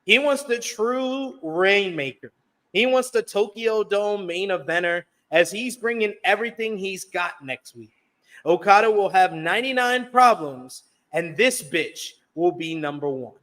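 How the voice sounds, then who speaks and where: Male host with a higher-pitched voice, recaps wrestling news, calmly holds his ground. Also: unhurried. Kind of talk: casual wrestling show recap.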